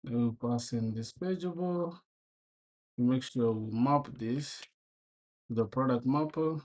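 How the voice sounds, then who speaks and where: A man's voice: mid-range voice, slow pace, darkish tone. A young man live-streaming while he codes, chatting casually with slang, mumbling code aloud and often breaking into laughter.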